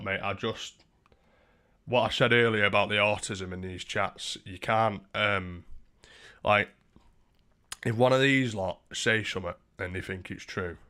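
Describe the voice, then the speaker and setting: A young man chats crudely with his livestream viewers, rambling loosely and swearing freely. His voice sits fairly low. He talks from a room at home. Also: sharp tone. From Britain. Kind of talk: casual livestream chat.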